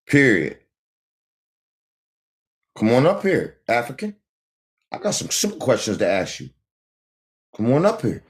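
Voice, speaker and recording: A man streams from his phone, ranting at his viewers in a taunting, confrontational monologue. His medium-pitched voice swings hugely in pitch. He speaks at a measured pace and pauses often.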